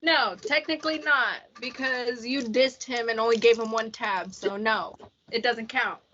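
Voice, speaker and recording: A woman in casual book chat on a podcast, blunt and quick to swear. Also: on the high side, noisy background. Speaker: podcast co-host. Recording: dull lo-fi sound.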